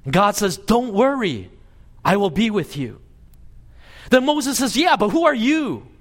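A man preaching a sermon as pastor, retelling a scripture story with lively, animated delivery. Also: unhurried. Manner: animated storytelling, voicing God and Moses with lively pitch swings. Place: church service.

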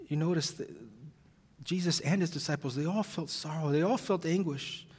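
A man's voice: on the high side, normal speed, a little mellow, breathy edge. A male pastor preaching an earnest, heavy-hearted sermon, audibly emotional at times. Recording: long reverb of a large hall.

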